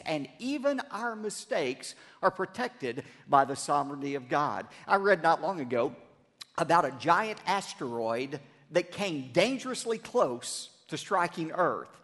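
A man's voice: on the high side, fairly bright tone, big-room sound. A man preaching a sermon as pastor, emphatic and leading the congregation in repeated phrases, recorded in a church sanctuary.

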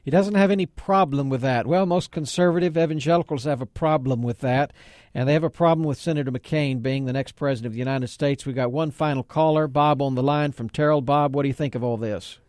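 A man's voice: medium pitch, fairly quick, darkish tone, no room sound, studio quality. A man hosting a talk radio show, earnest and emphatic, preacherly in his appeals to listeners.

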